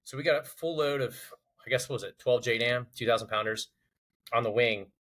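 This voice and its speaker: A man's voice: medium pitch, brisk, poor audio. A man telling a funny military story in casual chat, acting out the others' lines in a raised voice. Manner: animated, acts out quotes with rising voice. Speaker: podcast host.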